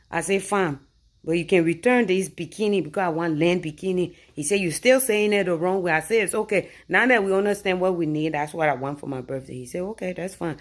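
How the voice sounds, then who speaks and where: A woman from Liberia with a Liberian English accent, telling a comic story about her boyfriend and arguing her side with rising force. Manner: animated, rising loud and high when arguing her point. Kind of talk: comic anecdote told to camera.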